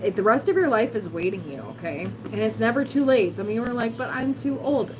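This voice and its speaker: A woman with a raspy, hoarse voice giving a casual livestream tarot reading, blunt and encouraging with giggly asides. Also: mid-range voice, expressive, quick pace, background noise. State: hoarse, voice recovering. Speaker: tarot reader, livestream host.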